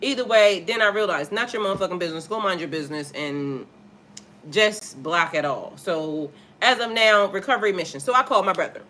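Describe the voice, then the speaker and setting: A woman's voice: mid-range voice, fairly quick, bright, forceful tone, a little hiss or hum. A woman, a spiritual life coach, telling a personal story on a casual livestream in a candid, profane way and greeting viewers in the chat.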